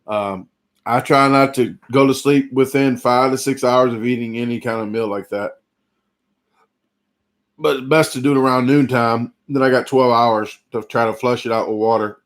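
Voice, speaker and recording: A man's voice: medium pitch, fairly even intonation, normal speed. Man, casual stream host, rambling, just ate a huge meal. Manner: rambling, chatty, reads out viewer names; full and sluggish after a big eating challenge. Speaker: competitive eater streaming a live chat. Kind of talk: casual live-stream chat.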